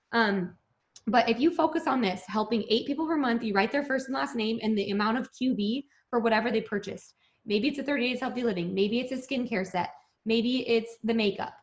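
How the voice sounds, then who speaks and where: Upbeat woman coach, echoey dull sound. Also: fairly high pitch. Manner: upbeat, encouraging, addresses "guys". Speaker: business coach. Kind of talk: coaching call.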